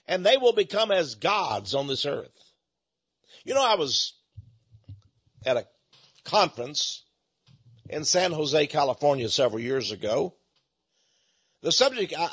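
A man preaching in an impassioned monologue, emphatic and prone to halting repetitions. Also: a little high, fairly bright tone, slightly rough, lo-fi sound. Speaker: radio preacher.

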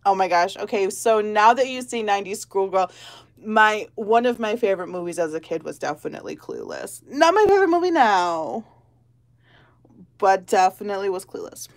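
A woman's voice: medium pitch, expressive, normal speed, no echo. A woman hosting a lottery-ticket channel, chatting casually and giggling as she calls out numbers one by one. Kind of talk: casual chat while scratching tickets.

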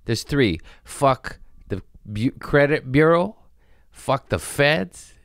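A man's voice: medium pitch, lively intonation, takes it slowly, no room sound, clean studio sound. A man hosting a podcast in casual chat, rambling and profane, mocking himself and laughing often. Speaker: podcast host.

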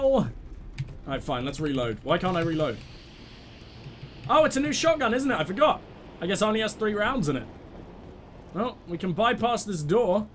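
Excitable high-voiced gamer man. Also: a little hiss or hum. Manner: excitable, swearing, talking to teammates. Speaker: let's play host. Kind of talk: gameplay commentary.

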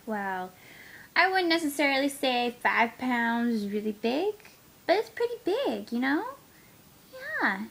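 A woman talking baby talk to her puppy at home, cooing in a sing-song voice and dropping into soft whispers. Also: fairly high pitch, creaky, slightly rough, poor audio. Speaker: pet owner filming her puppy.

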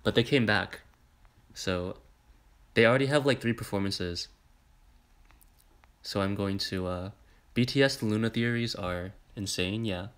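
A young man in a casual live stream, talking in a flat, monotone way while he reacts to videos and reads out comments. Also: a little slow, pauses often, smooth. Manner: monotone, low-key; rambling, filler-heavy, reads comments aloud. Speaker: livestreamer reacting to music videos. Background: pop music playing.

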